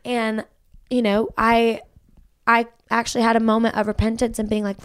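A woman's voice: a little high, little pitch movement, normal speed, clear, resonant tone, no echo, clean studio sound. A young woman, a podcast guest and country singer, talking earnestly about her faith and saying "like" a lot. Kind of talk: casual faith conversation.

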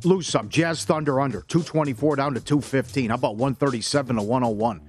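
A man hosting a casual sports betting talk show, telling stories with big jumps in pitch. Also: fast. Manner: animated storyteller, jumps in pitch on punchlines.

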